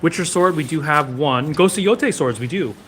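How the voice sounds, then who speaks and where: A man's voice: on the high side, animated, moderate pace, fairly bright tone, a little hiss or hum. A man hosting a casual live stream from a sword shop, reading viewer comments and answering them one after another.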